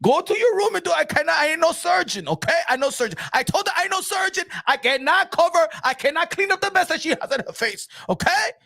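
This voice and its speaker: A man voicing an indignant male makeup artist who shouts in broken English. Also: very high voice, sing-song, fast, gravelly, few pauses, voice pushed up, exaggerated voice.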